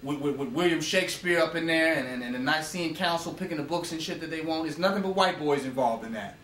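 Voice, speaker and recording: A man's voice: fairly high pitch, quick pace, a bit bright, recorded from a distance. A man with a slightly raised voice gives an emphatic, profane lecture and keeps checking in with rhetorical questions. He sounds set back from the mic, and his voice rings around a reverberant room with a faint hum behind it. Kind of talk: informal lecture. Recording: roomy echo, voice away from the mic.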